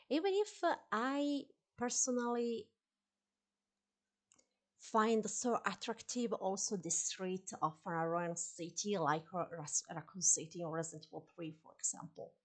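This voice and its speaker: A woman's voice: mid-range voice, unhurried. A woman with an Italian accent, a live streamer chatting casually while she plays, laughing often and apologizing for her English. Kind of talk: live-stream gameplay chat.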